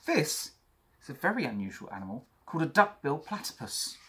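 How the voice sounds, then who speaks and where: A young man teaching an art lesson for children, chatty and talking straight to young viewers, with a husky voice. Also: on the high side, sing-song, a little fast, pushed and bright, slight background noise.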